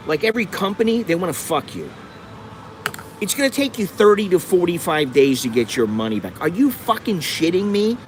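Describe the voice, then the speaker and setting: This vlogger, a middle-aged American, delivers a sweary, blunt rant full of tangents during a live stream. His voice is a little high. A phone propped on an indoor windowsill catches it, along with city traffic outside, slight background noise and rough sound quality.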